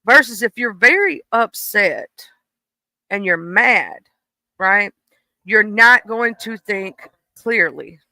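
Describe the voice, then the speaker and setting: Host for a home livestream: blunt, preachy, smooth crisp voice. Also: mid-range voice, animated, takes it slowly, bright, forceful tone, no room sound. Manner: blunt, preachy, swears freely. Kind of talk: casual livestream commentary. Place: home room. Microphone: desk microphone.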